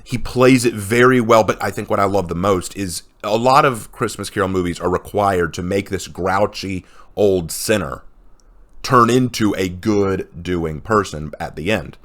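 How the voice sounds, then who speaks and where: Man, lowish voice, casual chat, enthusiastic, retells film scenes. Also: measured pace, fairly bright tone. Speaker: co-host of a movie list video.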